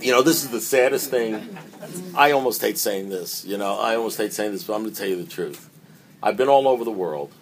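An older man speaking at a recovery meeting, talking conversationally, repeating his words and moving between quiet asides and emphatic points. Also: lowish voice, fairly quick.

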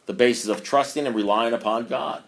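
A man's voice: medium pitch, a little fast, creaky. Emphatic man speaking to a meeting. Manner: emphatic, with rhetorical questions and swings in loudness; chuckling as he talks. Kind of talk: impassioned talk reading from a book.

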